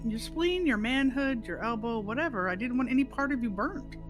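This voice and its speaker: A woman's voice: a little high, animated, a little fast, over music. A woman chatting casually on a gaming stream, playful and teasing.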